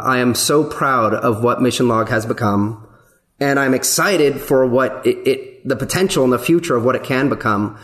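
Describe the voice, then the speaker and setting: A man with an ordinary mid-range voice speaks earnestly on a podcast, choosing his words slowly. He fills pauses with ums and repeats words as he goes. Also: mid-range voice, fairly bright tone. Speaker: executive producer of the podcast. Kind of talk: casual podcast discussion.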